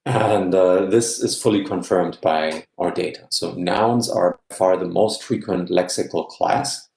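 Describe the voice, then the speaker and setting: A man giving an academic guest lecture, explaining step by step and often checking in with a quick "yeah?". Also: low voice, vocal fry, a little mellow, reverberant.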